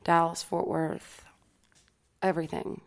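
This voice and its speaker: Young female singer, podcast guest, low voice with vocal fry, relaxed and laughing. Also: takes it slowly. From Texas. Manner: easygoing, laughs often. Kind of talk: casual interview chat. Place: home studio.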